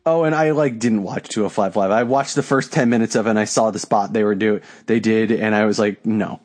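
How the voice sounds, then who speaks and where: A man's voice: lowish voice, fairly even intonation, brisk, darkish tone. A young man co-hosting a podcast in casual chat, ranting with lots of profanity and exasperation. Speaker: podcast co-host.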